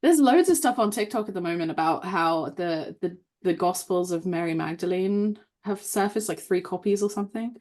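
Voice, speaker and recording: Author lady guesting on a podcast, kinda low voice, chatty and rambly. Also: normal speed, hardly any pauses. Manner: chatty and animated, full of fillers. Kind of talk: casual podcast chat.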